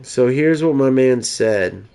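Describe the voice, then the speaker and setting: A man's voice: mid-range voice, lively intonation, slow, creaky, warm tone, smooth. A young man, a gaming YouTuber, ranting in mocking, exasperated gameplay commentary.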